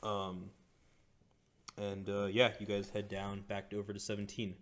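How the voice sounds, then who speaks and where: A man running a tabletop game as game master, narrating in a low, deep voice. His delivery stays flat and even, loose and relaxed, peppered with ums and uhs. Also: a little slow.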